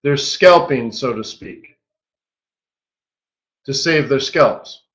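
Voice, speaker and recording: A man hosting a live trading webinar, walking through charts in an animated, joking way with lots of rhetorical questions. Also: mid-range voice, takes it slowly, lo-fi sound. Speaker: forex market strategist hosting a daily webinar.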